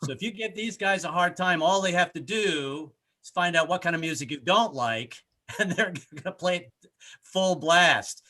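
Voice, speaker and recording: A man performing a rambling, self-deprecating stand-up comedy set, often shouting in put-on voices. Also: sits high, animated, normal speed. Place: home in Brooklyn, skyline behind.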